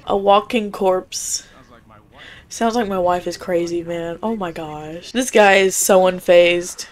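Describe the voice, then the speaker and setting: A woman's voice: lowish voice, unhurried. A young woman streaming a horror game, chatting casually and reacting in a jumpy, squeamish way. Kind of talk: live gameplay reaction.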